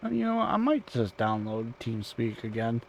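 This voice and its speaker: A man talking loosely and offhandedly into a home desk mic as he plays a game. His pitch is ordinary for a man, and his talk drifts from topic to topic with the odd swear word. A faint noise runs underneath. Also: sing-song, moderate pace, gravelly, rough recording. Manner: rambling, offhand and self-deprecating, swears casually. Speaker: gaming channel host. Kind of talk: casual gameplay commentary. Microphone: desk microphone at home.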